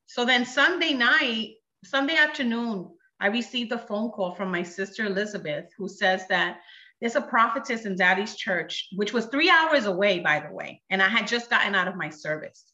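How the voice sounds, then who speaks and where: A woman's voice: mid-range voice, lively intonation, moderate pace, bright, forceful tone, roomy sound, dull audio. A woman giving a personal testimony in conversation, telling her story with emotion and acting out what others said. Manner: earnest, emotional storytelling with quoted speech.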